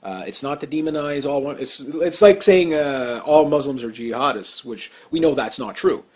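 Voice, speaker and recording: A man's voice: on the high side, normal speed, a little mellow. A man giving off-the-cuff political commentary, blunt and emphatic, rambling with many fillers and restarts.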